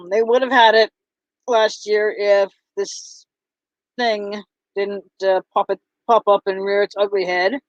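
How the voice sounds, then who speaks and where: Halting woman, dull lo-fi sound. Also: mid-range voice, fairly even intonation, no room sound. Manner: halting, full of ums and restarts. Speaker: vlogger and bracelet seller. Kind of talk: casual chat to camera.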